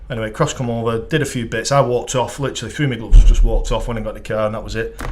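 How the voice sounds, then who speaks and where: A man with a Northern English accent, a goalkeeping coach telling animated, sweary stories as a podcast guest, laughing as he goes. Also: medium pitch, fast talker, hardly any pauses, a little hiss or hum. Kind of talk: anecdotal storytelling chat.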